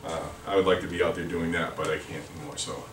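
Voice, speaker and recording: A deep-voiced sales representative talks at a quick pace with little pitch movement while giving a product training session over lunch in a meeting room. His talk is rambling, packed with repeated words and restarts. The audio is echoey and distant, with some faint noise.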